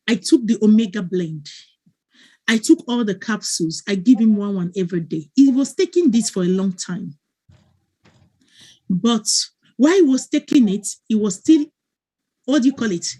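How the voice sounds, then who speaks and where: A woman's voice: a little high, darkish tone. A woman, a wellness coach giving an earnest, emotional testimonial on a video call and often checking that listeners follow.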